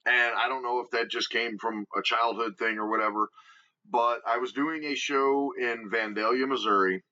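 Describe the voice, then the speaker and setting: A man with a Midwestern American accent, guest on a podcast, telling stories in an animated, emphatic way and acting out what others said. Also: medium pitch, moderate pace. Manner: animated storyteller, emphatic, acts out quotes. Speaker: guest wrestler. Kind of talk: casual storytelling interview. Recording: dull lo-fi podcast audio.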